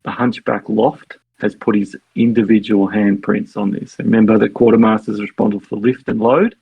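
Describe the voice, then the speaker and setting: A man narrating as game master, halting and full of fillers, often laughing. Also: lowish voice, little pitch movement, vocal fry, breathy edge, no room sound, lo-fi sound.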